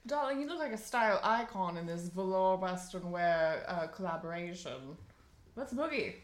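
A woman's voice: lowish voice, normal speed, roomy sound. A woman in a garage voicing an old glamorous socialite who keeps saying darling. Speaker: player. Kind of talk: in-character tabletop role-play.

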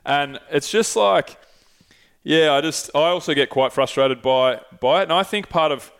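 A man's voice: fairly high pitch, normal speed, a bit bright, clean tone. A man with an Australian accent hosting a podcast, talking in a loose, rambling way, swearing freely and often losing his thread. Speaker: podcast host. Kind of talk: casual chat.

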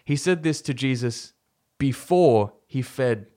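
A man co-hosting a faith podcast, retelling a story from scripture in a relaxed, conversational way with fillers and restarts. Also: mid-range voice, slow. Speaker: podcast co-host.

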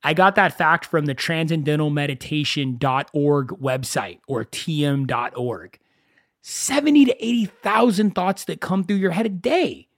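A man with a somewhat high voice hosts a solo podcast. He talks casually and tells stories with animation, often poking fun at himself. The sound is dry and close. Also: unhurried, dry recording. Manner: conversational, animated storytelling with self-mocking asides. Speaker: podcast host.

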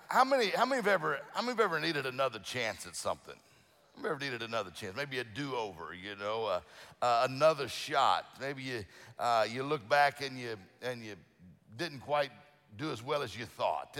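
A man's voice: medium pitch, fairly bright tone, big-room sound. A middle-aged male pastor preaching a sermon, telling folksy stories with lots of restarts and fillers. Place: church sanctuary.

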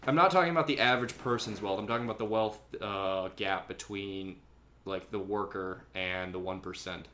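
A man's voice: sits low, moderate pace, pushed and bright. A young man hosting a casual podcast, rambling and complaining in a profane, offhand way. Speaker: podcast host and editor.

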